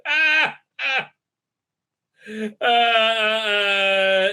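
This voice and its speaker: Male reviewer, sarcastic and foul-mouthed, stumbling through fillers; sharp, somewhat high voice. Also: lively intonation, clear, resonant tone. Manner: sarcastic, profane, halting with many fillers. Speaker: TV show reviewer. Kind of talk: ranting recap and review.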